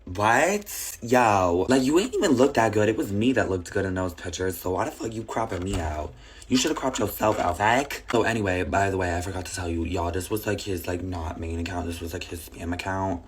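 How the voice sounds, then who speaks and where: A young woman with a raspy, sick-sounding voice, telling a casual storytime with blunt, swearing asides. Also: very deep voice, fairly quick, slight background noise.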